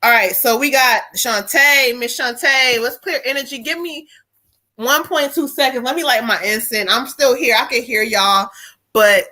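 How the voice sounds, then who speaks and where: A woman's voice: fairly high pitch, moderate pace, pushed and bright. A woman medium giving spirit readings on a live stream, emotional and profane. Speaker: psychic medium.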